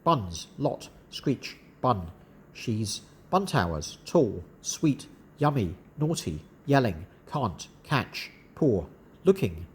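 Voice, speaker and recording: A man calmly narrating a children's reader and reading out vocabulary words one at a time. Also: mid-range voice, slight background noise. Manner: calm, measured, deliberate. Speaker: narrator and word-list reader. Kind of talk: slow educational reading.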